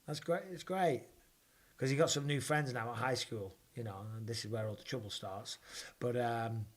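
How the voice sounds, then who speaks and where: Excitable man hosting a live fight watch-along. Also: mid-range voice. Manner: excitable, banters with viewers, swears casually.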